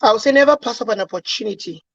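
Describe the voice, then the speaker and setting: Husky woman on a video call. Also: on the high side, very fast, dry recording. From Cameroon. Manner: earnest, reminiscing, laughs easily. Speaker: guest. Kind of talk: casual chat on a video call. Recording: dull, lo-fi video call audio.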